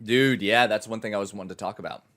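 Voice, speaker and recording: A man's voice: fairly low pitch, quick pace, a bit bright. Man chatting casually on a gaming podcast. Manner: rambling, self-correcting, breaks into an auctioneer voice. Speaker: podcast co-host and streamer. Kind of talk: casual chat.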